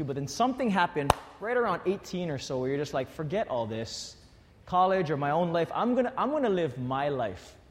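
A man preaching a sermon to his congregation, shifting from quiet, earnest appeals to animated storytelling. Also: fairly high pitch. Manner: animated storytelling with acted quotes. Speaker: pastor. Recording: long hall reverb.

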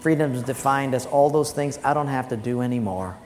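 A man preaching as a pastor, telling personal stories in an animated way and loudly acting out the voices in them. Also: medium pitch, brisk. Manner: animated storytelling with loud acted quotes. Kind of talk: sermon. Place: church sanctuary. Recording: long church-hall reverb, faint music.

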